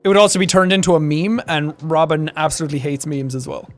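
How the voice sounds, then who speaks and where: Irish man, young, high voice, joking livestream chatter, faint music under it. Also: fast. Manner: joking, animated, mimics accents for laughs. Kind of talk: casual livestream chat, reacting and reading chat. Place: home streaming setup. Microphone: studio shotgun mic with filters.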